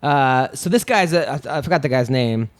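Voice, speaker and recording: A man's voice: medium pitch, expressive, moderate pace. A man in his thirties telling long, profane stories on a podcast, rambling and restarting often. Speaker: podcast co-host. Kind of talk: casual storytelling chat.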